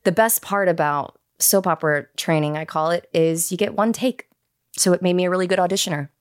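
A woman's voice: lowish voice, fairly even intonation, brisk, smooth. A woman guest on a podcast, candidly telling stories about her acting career in casual chat. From United States. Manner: candid, chatty storyteller. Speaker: actress guest.

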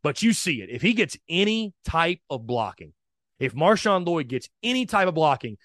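A man's voice: a little high, sing-song, moderate pace, fairly bright tone, no echo, clean studio sound. A man hosting a sports podcast, talking energetically and with strong opinions, speaking straight to his listeners. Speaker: podcast host.

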